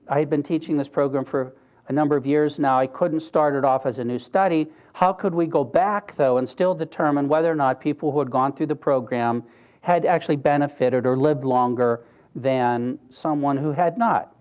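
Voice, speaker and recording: Telling a personal story full of wry asides, an older Pennsylvania man speaks earnestly and conversationally, choking up for a moment. He talks at a normal speed in a slightly high voice with a darkish quality.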